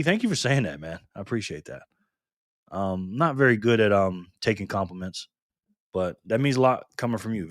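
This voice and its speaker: A man with a mid-range, fairly bright voice hosts a casual livestream from a room in his Las Vegas home. He greets chat viewers by name in a friendly, upbeat manner. The sound is clean and studio-like, with no room echo.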